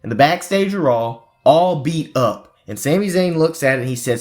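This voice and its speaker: Animated man recapping wrestling storylines. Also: a little high, moderate pace, hardly any pauses. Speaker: wrestling podcast host. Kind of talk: casual prediction chat.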